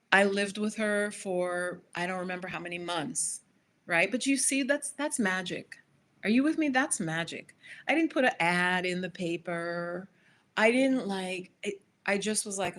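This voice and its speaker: A woman's voice: mid-range voice, moderate pace, fairly bright tone. Chatty woman hosting a live stream. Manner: chatty, addresses viewers directly with frequent asides. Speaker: spiritual manifestation coach hosting a live stream. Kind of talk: casual live-stream storytelling to viewers.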